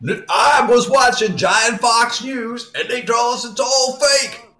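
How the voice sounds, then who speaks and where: A man voicing a loud, blustering male giant who rants and shouts in a comedic riff. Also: very high voice, slow pace, echoey room, recorded from a distance, voice pushed up, full character voice. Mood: smug. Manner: shouting, ranting.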